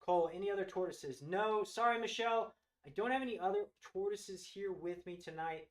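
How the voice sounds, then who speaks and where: A man with a notably high voice hosts a live-stream showcase. He talks with eager enthusiasm, praising each animal as he goes. He often circles back and restarts his sentences. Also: fairly quick. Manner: enthusiastic, gushing over animals. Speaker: host of a live reptile sales show.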